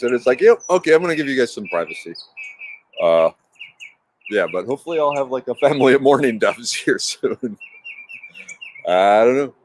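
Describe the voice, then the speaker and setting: Man, casual chat, rambling, easy laughs, mid pitch, faint birdsong around. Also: a little hiss or hum. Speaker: livestream host reading chat. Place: outdoors in a yard.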